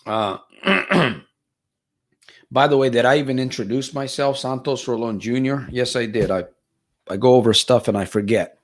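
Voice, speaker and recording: A man coaching viewers live over a webcam microphone, his voice at a middling pitch. He speaks earnestly and motivationally, circling back, restarting and repeating phrases as he works through viewers' questions. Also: normal speed. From Stockton, California. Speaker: life coach hosting a live stream.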